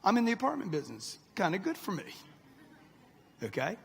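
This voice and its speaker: A man's voice: high voice, huge pitch swings, a little fast, vocal fry, fairly bright tone, breathy edge. A man in his sixties giving a live motivational speech to a crowd, brash and punchy, speaking straight at the audience. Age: 60s. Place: large hall with live audience. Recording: long hall reverb.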